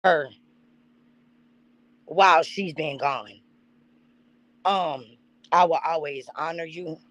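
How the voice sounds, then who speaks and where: A woman's voice: deep voice, slow, fairly bright tone, no echo, lo-fi sound. A woman hosting a live stream, giving a heartfelt tribute and talking straight to her chat. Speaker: channel host.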